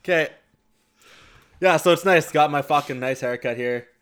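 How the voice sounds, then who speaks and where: A man's voice: on the high side, moderate pace, a bit bright, clean tone. A man co-hosting a podcast in casual chat, telling rambling, self-conscious stories. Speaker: podcast co-host.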